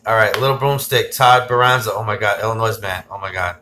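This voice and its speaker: Bright-voiced man hosting a tech livestream. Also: lowish voice, fairly quick, a little hiss or hum. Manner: excitable, rambling, reads comments aloud and gives shout-outs. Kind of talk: casual livestream chat reading viewer comments.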